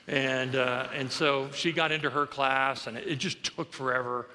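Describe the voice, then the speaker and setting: A man's voice: mid-range voice, fairly even intonation, normal speed, pushed and bright, a little hiss or hum. A middle-aged male pastor preaching a sermon, telling a story with humor and self-deprecation. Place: church sanctuary. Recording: long reverb of a large church hall.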